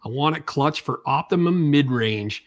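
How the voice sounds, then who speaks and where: A man hosting a casual podcast chat, halting and relaxed, reading out listener comments. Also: fairly high pitch. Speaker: podcast host.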